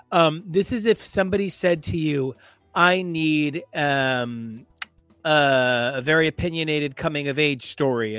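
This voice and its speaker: A man's voice: a little high, fairly bright tone, no room sound. A man co-hosting a comics podcast, casual and jokey, full of puns and playful asides. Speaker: podcast co-host. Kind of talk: casual chat about comics.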